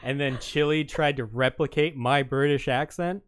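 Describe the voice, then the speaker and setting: A man's voice: mid-range voice, fairly even intonation, normal speed, clean tone, no room sound, clean studio sound. A man co-hosting a gaming podcast in casual, laid-back, jokey chat. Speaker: podcast co-host.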